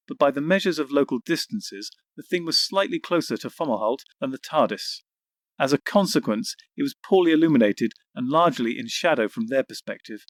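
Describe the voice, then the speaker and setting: A man reading an audiobook in measured scripted narration. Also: mid-range voice, dry recording. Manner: measured, voices each character.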